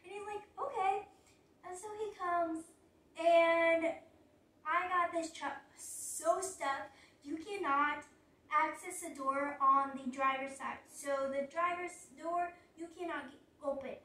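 A woman's voice: extremely high pitch, fairly even intonation, slow, pushed and bright, recorded from a distance. A young woman telling a rambling storytime in a casual, chatty way. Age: young adult. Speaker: vlogger. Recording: roomy sound from away from mic.

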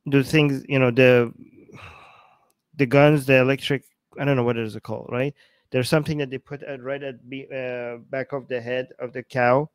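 A man's voice: mid-range voice, level tone, moderate pace, clean tone, no room sound. Rambling male talk-show host, dry sound. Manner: rambling, searches for words mid-sentence. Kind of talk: casual opinionated chat.

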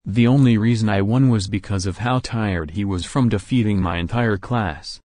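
A guarded teenage boy hero who speaks in short, cool lines, as a man reading the story puts him on. The voice sits low. The recording is dry and close. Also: moderate pace, a little mellow, no echo, natural voice. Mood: reserved.

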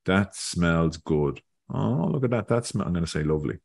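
A man's voice: low voice, lively intonation, normal speed, gravelly, darkish tone. A man hosting a casual language lesson over a video call, thinking aloud and repeating words as he goes. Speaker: Irish learning video host.

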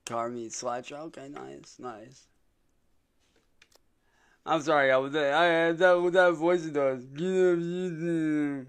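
A man's voice: on the high side, measured pace, long pauses. Casual young man streaming a game. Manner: loose, swearing, mocks trolls, excitable about cars.

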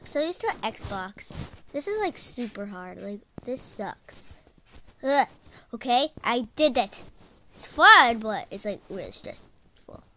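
Female gaming vlogger, high and very bright, unhurried delivery, frustrated outbursts and whispered asides. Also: big pitch swings, slight background noise. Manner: frustrated, exclaiming, drops to whispers. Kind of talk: casual gameplay commentary.

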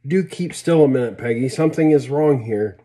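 A man's voice: medium pitch, a little fast, mellow, close to an everyday voice. A man voicing a prim, self-denying young woman with a prickly way of speaking, in a read-aloud story.

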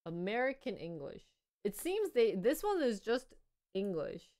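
Lively, smooth-voiced young woman streamer. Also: medium pitch, a little slow. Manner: chatty, playful, thinking aloud while trying things out. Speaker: live streamer. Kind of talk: casual live-stream chat.

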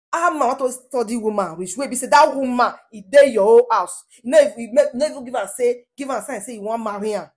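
A woman vlogger with a Nigerian Pidgin accent, scolding and commenting in a lively, repetitive way. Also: a little high. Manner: scolding, animated, repeats herself. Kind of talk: commentary vlog in Pidgin English.

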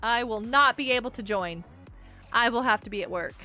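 A woman live-streaming a game in a high, bright, clear voice that jumps all over the place. She chats casually and reads messages from the chat aloud, breaking into excitable outbursts. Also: moderate pace, faint music behind.

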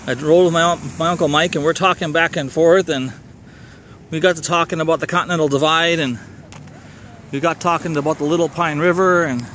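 A man's voice: fairly high pitch, fairly even intonation, a little fast, a bit bright, a little hiss or hum. A middle-aged man from Minnesota with a Minnesotan accent, telling a casual personal story in a wry, rambling way that doubles back to correct himself.

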